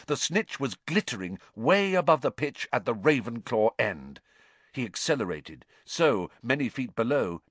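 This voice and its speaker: A man reading a story aloud as an audiobook narrator, in a lively, dramatic storytelling manner. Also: medium pitch, no room sound.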